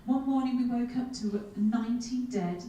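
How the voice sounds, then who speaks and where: A woman's voice: fairly high pitch, normal speed, a little hiss or hum. A woman, giving a humorous keynote talk full of self-mocking asides. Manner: lively, self-mocking storyteller with comic asides. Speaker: keynote speaker. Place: large conference hall. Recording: echoey hall, speaker far from mic.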